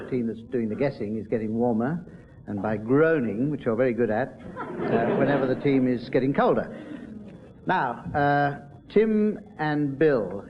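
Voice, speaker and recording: A man chairing a comedy quiz show before a live audience, with dry, deadpan asides. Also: medium pitch, slight background noise. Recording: dull old radio recording with loud audience. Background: studio audience laughter.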